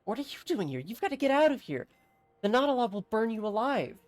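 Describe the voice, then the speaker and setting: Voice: mid-range voice, big pitch swings, brisk, voice pushed up, natural voice. A streamer reading out a frantic, over-polite woman mayor of a village from a game, with a put-on voice. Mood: panicked. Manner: frantic, then falsely composed and over-polite. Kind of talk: reading game dialogue aloud.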